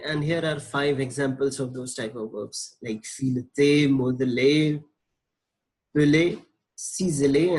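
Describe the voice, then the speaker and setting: Slow, patient man teaching French grammar. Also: a little high, a little mellow, rough recording. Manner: slow, patient, spells out letters and repeats forms. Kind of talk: slide-based grammar lesson.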